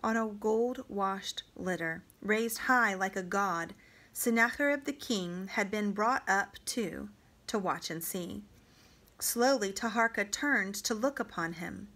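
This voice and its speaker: Woman reader for a student audiobook; slow, dramatic, deliberate narration. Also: mid-range voice, a bit bright. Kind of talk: reading a novel aloud.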